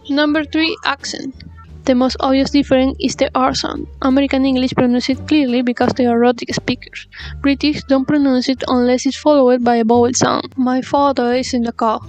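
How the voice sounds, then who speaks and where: A woman whose first language is Spanish, reading a scripted English lesson and carefully reading out paired example sentences. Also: high-pitched. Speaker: English teacher.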